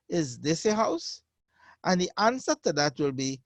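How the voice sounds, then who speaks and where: A man teaching a beginner Arabic class, patiently repeating each phrase slowly for his learners. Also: fairly high pitch, animated, no room sound. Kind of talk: online beginner language lesson.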